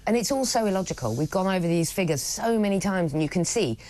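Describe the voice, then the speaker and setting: A woman's voice: lowish voice, expressive, fast talker, darkish tone. A woman co-hosting a talk show, speaking in an indignant, emphatic way. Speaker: co-host. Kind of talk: opinionated studio chat.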